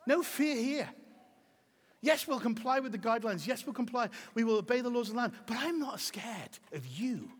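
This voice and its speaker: A middle-aged man preaching a sermon as pastor, emphatic and swinging from soft to shouting. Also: very high-pitched, animated, moderate pace, husky. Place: church auditorium. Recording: reverberant hall.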